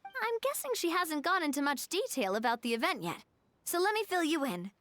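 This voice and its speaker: A gracious young woman leader in a video game, polite and patient as she explains. Her fairly high voice moves lightly up and down. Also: big pitch swings, fairly quick, fairly bright tone, dry recording. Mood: explaining. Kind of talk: video game cutscene dialogue.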